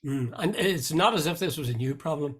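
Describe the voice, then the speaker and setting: Man, host, measured delivery, reflective, voice dropping at the ends of thoughts. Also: on the high side, lively intonation, husky. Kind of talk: casual chat.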